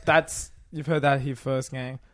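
A man's voice: mid-range voice, fairly even intonation, a little slow. A man hosting a podcast, joking and teasing his guests. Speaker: podcast host. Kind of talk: casual chat.

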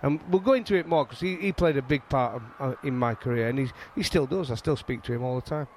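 A man's voice: medium pitch, fast, slight background noise. Chatty Yorkshire man telling stories. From England. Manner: animated storytelling, frequent restarts. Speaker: guest, former fast bowler. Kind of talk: casual chat.

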